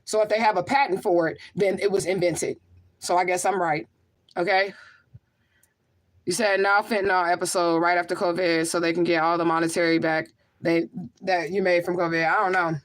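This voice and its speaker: A woman who works as a spiritual medium hosts a casual livestream, reading viewer comments aloud and replying emphatically and rhetorically, often asking "okay?". Her voice is lowish, her intonation fairly even, her pace moderate.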